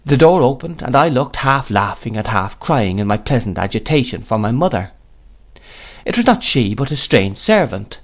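A man's voice: medium pitch, big pitch swings, normal speed. Man reading a classic novel aloud. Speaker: narrator. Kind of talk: audiobook reading.

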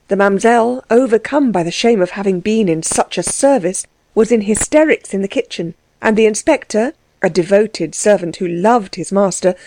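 A woman's voice: medium pitch, a little mellow, no echo. Woman narrating a novel, dry sound. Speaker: audiobook narrator. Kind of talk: scripted narration.

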